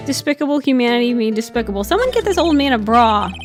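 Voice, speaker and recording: High-voiced wisecracking woman. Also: big pitch swings, fast, soft background music. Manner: wisecracking, quiet asides. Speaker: streamer co-player. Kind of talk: casual joking stream chat.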